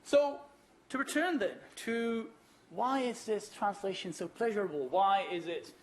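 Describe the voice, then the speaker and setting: A man's voice: high-pitched, a little slow, slight background noise. A man giving a keynote conference lecture, explaining patiently with fillers and rhetorical questions, and reading verse aloud with an emphatic rhythm. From Netherlands.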